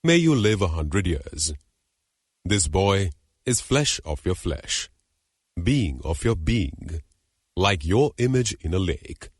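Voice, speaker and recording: A man reading the part of a proud, wronged young woman, a hermit's daughter, in an audiobook legend, with measured, formal, dignified delivery. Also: sits low, big pitch swings, husky, no echo, studio quality, heavily acted. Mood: pleading.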